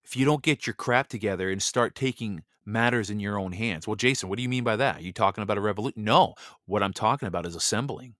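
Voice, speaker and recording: A man's voice: on the low side, fast, hardly any pauses, a bit bright, dry recording, clean studio sound. A man hosting a Bible reading show, delivering a heated, blunt monologue and stumbling over repeated words when he gets worked up. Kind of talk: impassioned political monologue.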